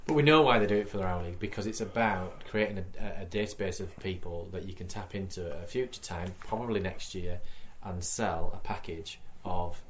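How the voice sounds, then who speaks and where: Man, co-host, low voice, conversational, faint background noise. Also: fairly quick. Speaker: podcast co-host. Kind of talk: casual discussion.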